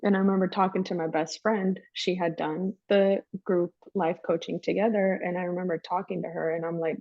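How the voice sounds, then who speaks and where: A woman's voice: fairly low pitch, level tone, moderate pace, creaky, a little mellow, no echo. A woman guest telling her story in an emphatic, chatty way, with a dry, dull lo-fi sound. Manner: emphatic, chatty, calls listener "girl". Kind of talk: candid personal storytelling.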